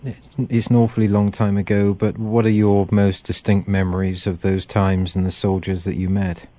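A man hosting an interview, asking questions in a measured, polite way. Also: fairly low pitch, level tone, warm tone, no room sound. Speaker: host.

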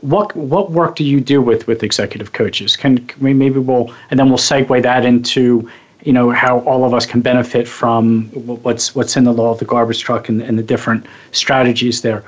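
A man's voice: mid-range voice, steady tone, normal speed. A man hosting a radio talk show, asking questions that stumble and restart. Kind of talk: radio interview. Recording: slightly dull, lo-fi sound.

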